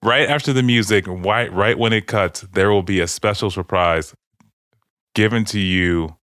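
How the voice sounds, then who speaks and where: Bright-voiced joking podcast host. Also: male voice, lowish voice, normal speed, no echo, clean studio sound. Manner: joking, laughs often, profane. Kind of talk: casual podcast banter.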